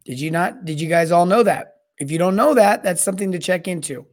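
Energetic rambling man hosting a podcast. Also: high-pitched, brisk, few pauses. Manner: energetic, rambling, repeats words and restarts often. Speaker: podcast host. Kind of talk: solo podcast talk on plumbing sales and service.

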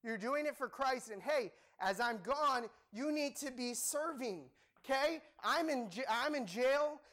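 A young man preaching a sermon in an animated, joking, emphatic way. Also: extremely high pitch, unhurried.

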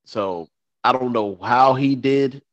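A man co-hosting a casual sports podcast who talks haltingly and searches for words. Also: mid-range voice, no echo, dull audio. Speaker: podcast co-host.

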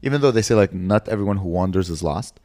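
Young male comic, lowish voice, loose rambling podcast storyteller. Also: lively intonation, quick pace, a little mellow. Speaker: comedian and podcast co-host. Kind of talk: casual podcast chat.

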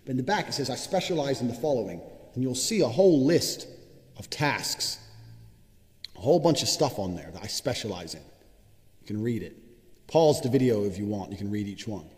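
A man's voice: medium pitch, animated, brisk, darkish tone. A man giving a brash, boastful, profane motivational monologue as a vlogger. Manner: brash, boastful, swears constantly. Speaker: vlogger giving money advice. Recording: echoey room with long reverb.

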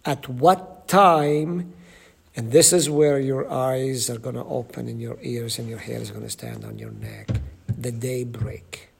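A man leading a Bible study group, teaching slowly with many ums and asking the group questions. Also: medium pitch, expressive, creaky, slight background noise.

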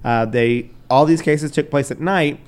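A man's voice: a little high, measured pace, clean tone. A man hosting a podcast, telling a crime story in loose, casual chat, swearing, laughing and tripping over names. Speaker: podcast host.

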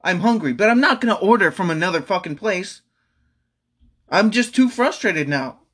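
A man's voice: high voice, expressive, normal speed, a bit bright, breathy edge. A young man at home venting angrily in a rambling monologue, repeating himself and swearing. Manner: exasperated, repetitive, swearing. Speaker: vlogger.

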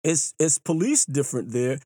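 A man telling stories in a casual monologue, animated and acting out the voices of other people. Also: normal speed, no room sound, studio quality. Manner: animated, mimics bystanders with exaggerated pitch jumps. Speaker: runner and storyteller. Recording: clear hip hop music behind the voice.

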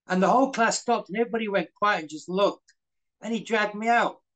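Guy in his middle years telling old stories, lots of ums and uhs, voice a bit on the higher side. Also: fairly quick, a bit bright, poor audio. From Britain. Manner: anecdotal, acts out quoted dialogue, frequent fillers. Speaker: guest, former stuntman. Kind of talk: casual storytelling interview.

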